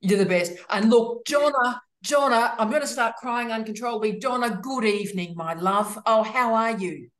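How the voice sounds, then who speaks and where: A woman's voice: mid-range voice, a bit bright. Female host, effusive and teasing, roomy video call sound. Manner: effusive, teasing, fast greetings. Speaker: host of online office hours. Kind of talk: casual video call chat. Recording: roomy echo.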